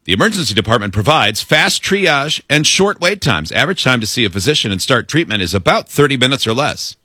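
Guy on a radio show going off about stuff, bright voice, pitch jumps all over, dry studio sound. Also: a little fast, slightly rough, no echo. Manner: animated, exasperated ranting. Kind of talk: casual studio banter.

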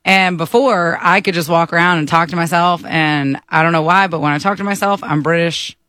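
A woman's voice: fairly low pitch, steady tone, fairly quick, pushed and bright, no room sound. A woman chatting on a radio talk show, playful and giggling. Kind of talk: casual radio banter.

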